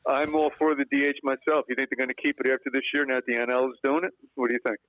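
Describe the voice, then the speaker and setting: A man co-hosting a casual sports podcast, chatty and quick to ask questions back and agree. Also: medium pitch, little pitch movement, fairly bright tone, no echo, low-quality recording. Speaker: podcast co-host.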